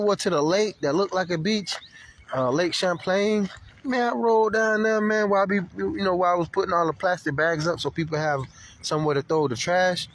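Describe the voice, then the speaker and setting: A man giving a casual, profane video update, telling stories in a loose, animated way. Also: high-pitched, a little fast. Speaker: vlogger. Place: Florida.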